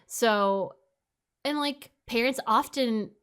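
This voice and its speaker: A woman's voice: on the high side, takes it slowly, fairly bright tone, clean tone. A woman co-hosting a podcast, talking in an emphatic, ranting way with lots of "like" in casual chat. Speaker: podcast co-host.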